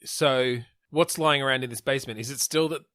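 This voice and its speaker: A man's voice: mid-range voice, brisk, fairly bright tone, no room sound. A man with a mid-range voice hosts a podcast, recorded dry and close. He keeps the brainstorm on track, asking questions and restarting his sentences as he thinks. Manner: steers the talk, asks questions, self-correcting restarts. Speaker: podcast host.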